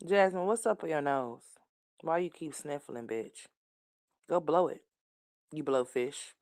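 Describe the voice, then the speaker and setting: Low-voiced woman ranting and cursing. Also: expressive, a little slow, darkish tone, no echo, studio quality. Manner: scolding, mocking and cursing. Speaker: commentary host. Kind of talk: profane commentary rant.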